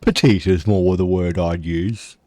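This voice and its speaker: A man playing a tabletop role-playing game in a slow, easygoing drawl. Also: sits low, steady tone, darkish tone, no echo. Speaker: player. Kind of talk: casual tabletop role-play.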